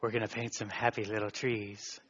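A man doing an impression of a soft-spoken, gentle male TV painter, talking in a hushed, slow and soothing way. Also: fairly low pitch, flat delivery, husky, pitched below the performer's own voice. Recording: dull recording in a reverberant hall.

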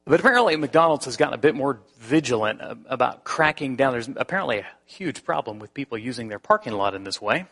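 A male pastor delivering a sermon, telling a personal story in an animated way, with frequent restarts. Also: mid-range voice, fast, gravelly, few pauses.

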